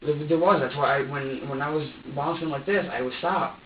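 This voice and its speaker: A man's voice: on the high side, a little fast, a little hiss or hum. A man talks through a long, rambling account, swearing freely, stumbling over restarts and voicing his own past thoughts. He sits well back from the microphone in a bare interrogation room, so he sounds distant and reverberant, with a dull, muffled tone. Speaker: suspect being questioned.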